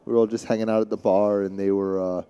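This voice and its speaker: A man's voice: fairly low pitch, level tone, fast, dark tone, clear, resonant tone. A man from Staten Island with a thick New York City accent, chatting and rambling as a guest commentator on live pool. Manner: chatty, rambling, with many restarts.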